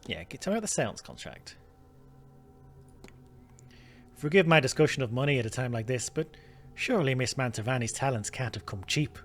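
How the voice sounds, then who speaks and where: A man's voice: medium pitch, big pitch swings, quick pace, a little hiss or hum, close to an everyday voice. A man voicing a polite, inquisitive male investigator in a game. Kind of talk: reading game dialogue aloud.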